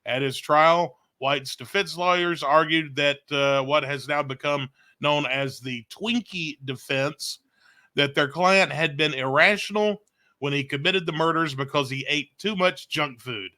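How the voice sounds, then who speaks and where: A man's voice: on the high side, a little slow, bright, forceful tone. A man co-hosting a casual talk show, reading out date facts with a joking manner. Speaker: radio morning show co-host.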